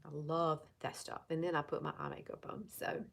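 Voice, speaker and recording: A makeup seller and vlogger in her fifties, with an Alabama Southern accent, gives a chatty, casual makeup tutorial, often repeating herself and talking straight to viewers. Her deep, gravelly voice stays level and brisk over a noisy background.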